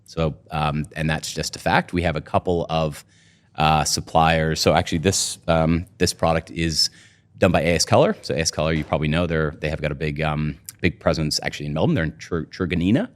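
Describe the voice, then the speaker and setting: A man's voice: very deep voice, steady tone, a little fast. A man, a company co-founder, talking through a casual podcast interview with lots of "you know" and "right?". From United States.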